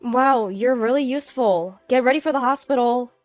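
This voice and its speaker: A smug, belittling husband speaks in short, dismissive lines, put on by a woman narrator. The voice sits fairly high, and the sound is dry and close. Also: moderate pace, dry recording, faint music behind, lightly acted. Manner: dismissive, curt. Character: arrogant belittling middle-aged husband.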